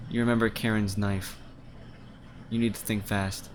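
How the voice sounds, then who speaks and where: Lower-voiced guy narrating a story game, casual, swears a lot. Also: level tone, moderate pace, long pauses, slight background noise. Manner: casual, swears, stammering restarts. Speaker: gamer playing a story game. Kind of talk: reading game text aloud with casual commentary.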